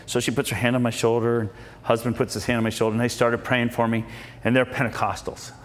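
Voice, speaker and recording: A man giving a folksy, preacher-like storytelling speech at a political meeting, with many repeated starts. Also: mid-range voice. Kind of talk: storytelling speech to a live audience. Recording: echoey hall with long reverb.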